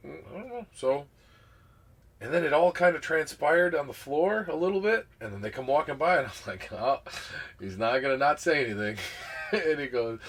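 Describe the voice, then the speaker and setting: Husky man telling a rambling story. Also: mid-range voice. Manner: rambling, retells scenes with quoted voices. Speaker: podcast co-host. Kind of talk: casual storytelling chat.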